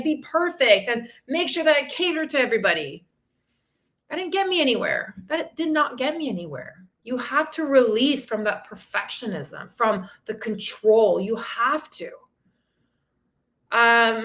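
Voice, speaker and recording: A woman in her thirties who coaches fitness and mindset talks openly to her listeners on a podcast. Her voice sits high and rings bright and forceful. She speaks with candid emotion and steady encouragement, dropping the odd swear word. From outside the country she lives in. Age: 30s. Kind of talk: solo podcast talk.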